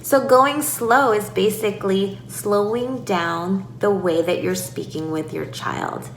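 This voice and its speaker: A woman speech-language pathologist giving calm, clear instructions to parents and breaking into lively demonstrations now and then. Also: medium pitch. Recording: echoey room with faint noise.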